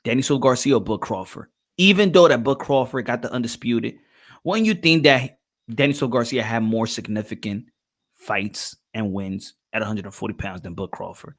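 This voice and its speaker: A man's voice: medium pitch, moderate pace, fairly bright tone. A man hosting a casual boxing livestream, reading out chat and posing rhetorical questions, often repeating himself. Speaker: boxing show host.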